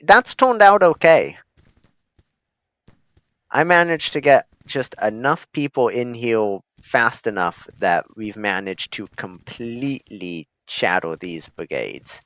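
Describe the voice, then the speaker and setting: A man streaming a strategy game, joking and chuckling as he gives orders to his troops. He talks slowly and casually. The sound is dry, dull and lo-fi. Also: fairly low pitch, bright, forceful tone, dry recording. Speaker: gaming streamer. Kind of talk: casual gameplay commentary. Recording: dull lo-fi mic.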